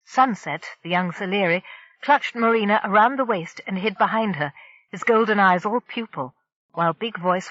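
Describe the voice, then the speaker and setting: A woman narrating a science fiction audiobook in a steady, dramatic reading style. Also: mid-range voice, dry recording, dull audio. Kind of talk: scripted narration.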